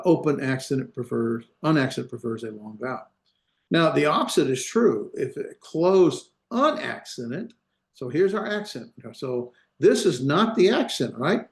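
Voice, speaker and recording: A male instructor walks his class through a grammar lesson over a video call. He explains one point at a time and keeps pausing to make sure the students are following. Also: medium pitch, darkish tone. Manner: explains step by step, often checking the class follows. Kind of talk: online class lecture.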